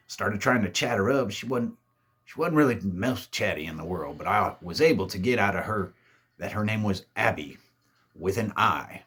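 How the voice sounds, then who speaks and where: Husky laid-back man telling a ghost story. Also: on the low side. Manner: laid-back, drawling, swears a lot, acts out quoted friends.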